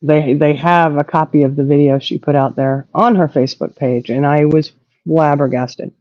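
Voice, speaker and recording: A woman hosting a casual live-stream talk show, indignant and animated, swearing freely. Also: low voice, moderate pace, dry recording, lo-fi sound. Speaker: host.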